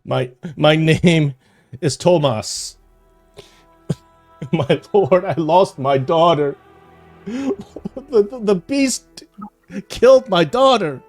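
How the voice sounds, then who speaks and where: A man voicing a grief-stricken old farmer who pleads and wails in a high, strained voice. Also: a little slow, a little mellow, soft background music, natural voice. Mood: pleading. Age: older.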